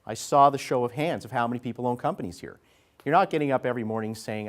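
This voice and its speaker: A man's voice: mid-range voice, quick pace. A man giving a conversational business talk to a live audience, folksy and acting out what salespeople and executives say. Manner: conversational, folksy, acts out quotes. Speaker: keynote speaker. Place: event venue in front of an audience.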